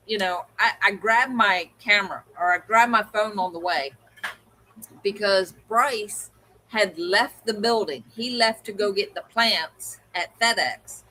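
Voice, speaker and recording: A woman co-hosting a livestream, telling an animated story in casual chat and acting out the voices of the people in it. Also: medium pitch, measured pace, low-quality recording. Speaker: co-host.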